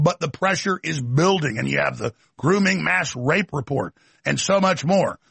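Gravelly, raspy male host. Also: fairly high pitch, a bit bright, no room sound. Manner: combative, scornful. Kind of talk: political commentary monologue.

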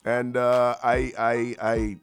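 A man hosting a morning radio show, talking in a loose, energetic, rambling way full of slang. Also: medium pitch, slow, vocal fry, faint music behind. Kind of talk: casual morning radio banter.

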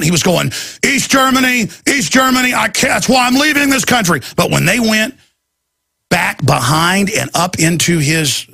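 A talk show host in full rant, rambling and excitable, stumbling over restarts as he pushes on. His voice is raspy and gravelly, fairly high for a man, and driven hard. The sound is dry and close. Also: dry recording. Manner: slips into mocking voices for quotes. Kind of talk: ranting talk show monologue.

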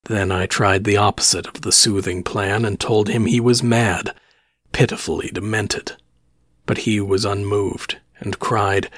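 A man reading a first-person horror story aloud in a measured, solemn way. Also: on the low side, level tone, fairly bright tone, dry recording, studio quality. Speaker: audiobook narrator.

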